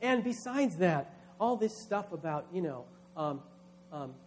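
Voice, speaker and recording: A man's voice: high voice, very animated, a little slow, a little mellow, slight background noise. A man, a pastor, preaching a sermon with emphatic delivery, acting out quoted voices.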